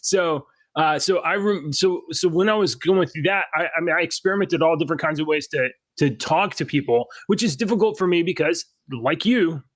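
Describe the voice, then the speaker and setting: A man's voice: on the high side, a little fast, hardly any pauses, no echo. A man co-hosting a podcast in casual chat, rambling with restarts and frequent laughs. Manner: rambling, self-interrupting, laughs often. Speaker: podcast co-host.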